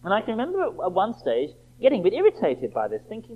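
A man preaching with a high, animated voice that rises and falls widely. He leans on rhetorical questions and reads scripture slowly and deliberately. The recording is thin and phone-like. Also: husky. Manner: emphatic, rhetorical questions, slow quoted scripture. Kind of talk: sermon. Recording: tinny phone-like band.

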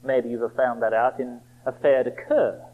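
A man preaching a sermon, emphatic and rhetorical, slowing right down for quoted scripture. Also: mid-range voice, fairly even intonation. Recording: tinny phone-like band.

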